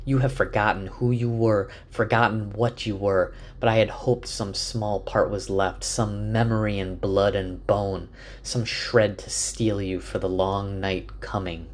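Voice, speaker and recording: A man voicing a commanding woman sorceress who speaks gravely, like telling an old legend. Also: on the low side, steady tone, a little slow, close to an everyday voice. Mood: solemn. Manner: grave, storytelling cadence.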